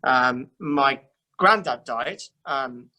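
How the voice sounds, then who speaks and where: On a rough recording, a young English man who works as a church youth worker talks at medium pitch, extremely slowly, in a pushed, bright voice. He chats casually and pokes fun at himself, full of fillers and restarts.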